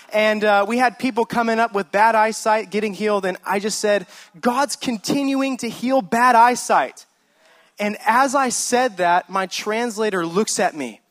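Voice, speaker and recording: A man sharing a missionary testimony at a church service, with bursts of loud enthusiasm. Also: fairly high pitch.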